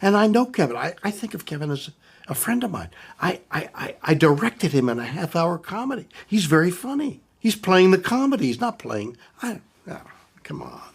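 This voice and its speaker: An older man giving scripted, incredulous comic commentary, stammering and repeating himself. His husky voice leaps up and down in pitch. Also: big pitch swings, moderate pace. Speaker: host of an impressions review video.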